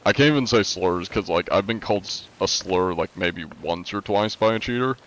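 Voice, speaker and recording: A man's voice: deep voice, moderate pace, a bit bright, slight background noise, low-quality recording. A young man streaming live, chatting casually and answering chat with a laid-back, rambling manner, his nose congested from allergies.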